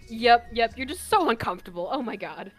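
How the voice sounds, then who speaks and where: A woman's voice: fairly high pitch, expressive, a little fast, music in the background. Giggly woman running a tabletop game. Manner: giggly, laughs often. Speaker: game master.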